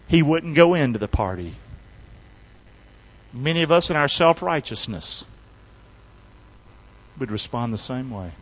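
A man pastor preaching an animated sermon, drawing the congregation into call-and-response. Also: mid-range voice, a little slow, long pauses, slightly rough. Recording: slightly dull lo-fi sound.

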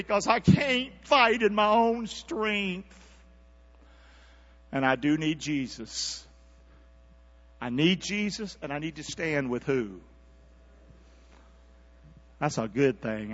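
Male preacher, folksy, call-and-response, hushed asides into loud rising calls; dull lo-fi take with mains hum. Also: sits high, animated, takes it slowly, pauses often. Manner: call-and-response, coaxing the congregation to repeat along. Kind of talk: sermon.

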